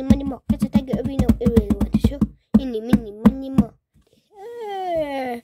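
Soft breathy young girl gushing over toys. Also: fairly high pitch, no echo, clean studio sound. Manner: gushing, excitable, drops into whispers. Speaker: toy collection vlogger. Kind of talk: casual toy show-and-tell, often whispered.

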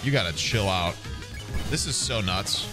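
Young guy streamer yelling at a game, swears a lot, bouncy voice, game music behind. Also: on the low side, unhurried. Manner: loud, swearing, excitable reactions. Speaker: gaming streamer. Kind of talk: casual game commentary.

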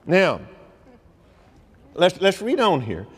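A man preaching a sermon at a convention, folksy and animated, sometimes shouting and leading the crowd in repeating lines. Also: sits high, slow pace, husky. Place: large convention hall. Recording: long hall reverb.

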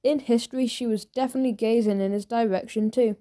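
Woman narrator for a kids' audiobook, lively storytelling, mellow and fairly high. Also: fast.

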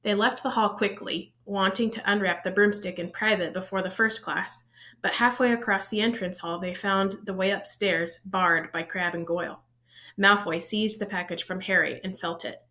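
A woman reading a children's novel aloud, steady storytelling with the odd slip and self-correction. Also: medium pitch, moderate pace. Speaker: audiobook reader.

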